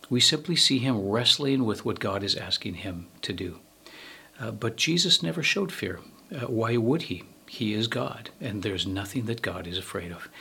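A man delivers a sermon in a gravelly, husky voice with a bright edge. He speaks earnestly and at a measured pace, slowing down and softening at the ends of his key phrases. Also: medium pitch. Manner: earnest, measured preaching with slow emphatic phrase endings and frequent fillers. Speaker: preacher.

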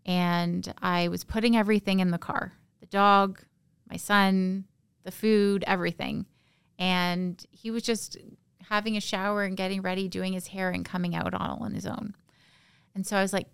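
Halting, gravelly-voiced woman from Canada. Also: mid-range voice, flat delivery, no room sound. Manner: halting, emotional, soft-spoken recounting. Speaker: podcast guest. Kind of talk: personal storytelling in an interview.

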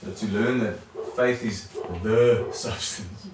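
A man's voice: fairly low pitch, fairly even intonation, slow pace, noisy background. A man sharing in a church study group, hesitant, often restarting and repeating words. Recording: very echoey room from far off.

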